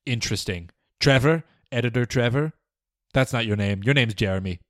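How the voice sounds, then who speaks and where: A man's voice: medium pitch, moderate pace, dry recording, clean studio sound. A young man hosting a comedy podcast, delivering a pompous, rambling, mock-serious film review with stammering restarts. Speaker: podcast host. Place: small studio.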